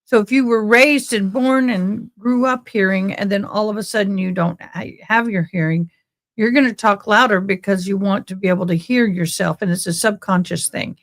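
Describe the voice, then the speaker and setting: Loud, animated woman hosting a trial commentary. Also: medium pitch, normal speed. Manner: talks loudly, animated. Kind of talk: casual chat.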